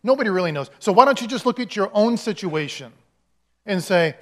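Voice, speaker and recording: A pastor with a fairly high voice delivers his sermon as a chatty story. He talks to the congregation directly and acts out the words of the people in it. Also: expressive, brisk, fairly bright tone. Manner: conversational storytelling, acting out quotes.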